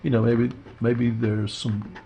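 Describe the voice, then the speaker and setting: A man teaching a watercolor painting demo, talking through his steps in a relaxed, rambling way with lots of fillers. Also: medium pitch, slow, creaky, noisy background. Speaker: art instructor. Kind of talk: casual painting demonstration.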